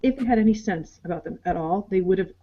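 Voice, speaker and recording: A woman co-hosting a casual show recap over a video call, animated and quick to act out people's lines. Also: mid-range voice, muffled recording, slight background noise. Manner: animated, acts out characters' lines in quick asides. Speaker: podcast co-host.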